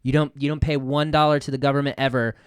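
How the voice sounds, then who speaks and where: A man's voice: mid-range voice, little pitch movement, fast, clean tone, no echo, studio quality. A young man hosting a podcast, talking in casual slang with lots of swearing and repeated words. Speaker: podcast host.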